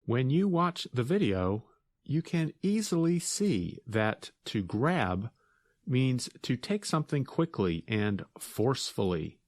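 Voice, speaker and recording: A man co-hosting an English lesson, explaining words in a calm, slow and clear way. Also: medium pitch, no room sound, studio quality.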